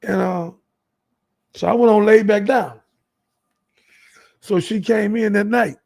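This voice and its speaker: A man from Texas, a guest telling a story in an animated, emphatic, colloquial way. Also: sits high, slow pace, gravelly.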